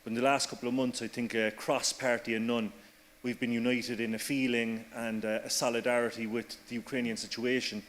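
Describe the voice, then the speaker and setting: A man's voice: mid-range voice, a little hiss or hum. A man with an Irish accent giving a formal council speech, mixing in Irish phrases. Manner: even, measured delivery with Irish phrases. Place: council chamber. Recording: reverberant council chamber.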